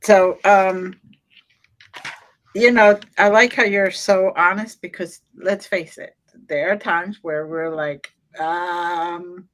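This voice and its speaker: A woman co-hosting an interview, speaking in an unhurried, reflective and encouraging way. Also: lowish voice, fairly even intonation. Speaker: co-host interviewer. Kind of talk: casual interview chat.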